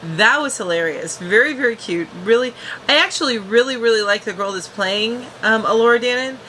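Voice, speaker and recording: A woman's voice: on the high side, a little fast, pushed and bright, a little hiss or hum, poor audio. A woman casually recapping a TV episode as a reviewer, chatty, with frequent restarts and fillers.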